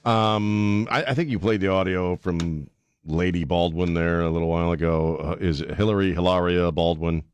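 A man hosting a radio talk show, mocking and opinionated in a sarcastic, animated way. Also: sits low, normal speed, smooth, dry recording, faint music behind.

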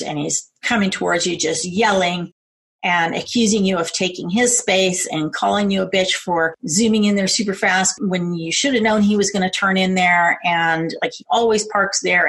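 Woman, middle-aged, low-ish voice, calm, earnest, instructional talk. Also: creaky. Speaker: self-defense instructor.

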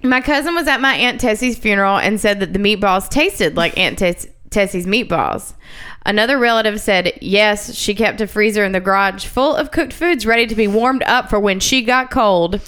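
Female podcast co-host, smooth clear voice, reads listener stories aloud. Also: mid-range voice, moderate pace, fairly bright tone. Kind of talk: casual chat and reading listener stories.

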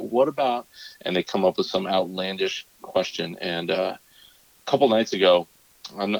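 A man in his thirties, a podcast co-host, tells a rambling story in casual chat and acts out his kids in a higher voice. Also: gravelly, no echo. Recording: dull lo-fi, dry sound.

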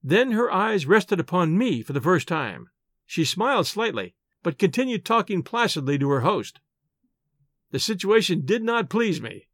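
A man narrating a story in the first person, reading in a measured, expressive manner. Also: high-pitched, dry recording, studio quality. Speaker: audiobook narrator. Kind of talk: scripted narration.

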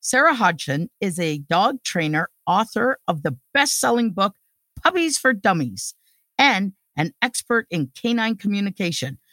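A woman hosting a podcast, chatting with a guest and reading the show's outro in an upbeat, lively way. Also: medium pitch, moderate pace, no room sound, clean studio sound. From Canada. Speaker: podcast host.

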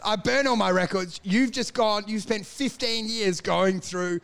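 A man's voice: sits high, unhurried, creaky, a bit bright, clear, resonant tone. An Australian man in casual comedic banter, riffing and laughing as he acts out absurd scenarios.

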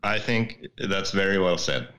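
Podcast co-host, male, very deep voice, brief low-key answers. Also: expressive, measured pace, bright, forceful tone, clear, resonant tone. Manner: short, low-key replies. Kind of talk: casual podcast chat.

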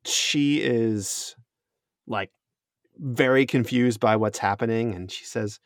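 A man's voice: medium pitch, slow, dry recording, clean studio sound. A man running a tabletop game as game master, narrating scenes in a descriptive, easygoing way and laughing often.

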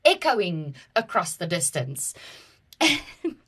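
Bright-voiced South African woman storyteller. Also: fairly low pitch, slow, husky. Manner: animated, dramatic storytelling with quoted voices. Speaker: podcast co-host. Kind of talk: casual chat, personal storytelling.

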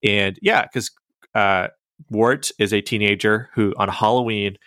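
A man's voice: lowish voice, steady tone, a little slow, fairly bright tone, no room sound. A young man in casual chat, recapping a cartoon with many fillers and laughs. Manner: rambling, filler-heavy, laughs while telling.

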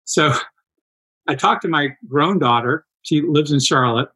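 A man in his sixties telling stories in a casual interview, animated and acting out quoted dialogue. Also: a little high, measured pace, poor audio. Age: 60s. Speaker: interview guest, endurance athlete.

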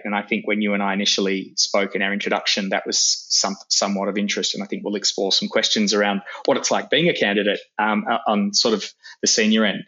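Low-voiced man giving career advice. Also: sharp tone, dull audio. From Australia. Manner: earnest, advisory, with frequent fillers and restarts. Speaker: podcast guest, leadership coach. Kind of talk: podcast interview.

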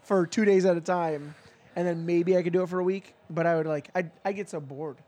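A man's voice: sits high, fairly even intonation, a little fast, noisy background. A man telling a long story in a casual chat, rambling with lots of fillers and acting out quoted lines.

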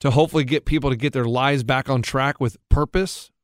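A man hosting a podcast in casual chat, talkative and quick to laugh. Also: mid-range voice, steady tone, no room sound, clean studio sound. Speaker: podcast host.

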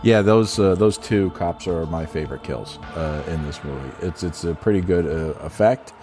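A man co-hosting a casual film review podcast, self-mocking and quick to laugh. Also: deep voice, darkish tone, faint music behind. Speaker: podcast co-host.

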